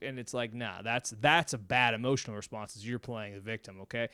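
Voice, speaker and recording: A man speaks straight to camera from a room at home, with a smooth, resonant, mid-pitched voice. He is blunt and chatty, keeps checking in with "okay?", and sometimes swears. The sound is dry and close. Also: fairly quick, hardly any pauses, a bit bright, no room sound. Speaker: mental health video host. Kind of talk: casual talk to camera.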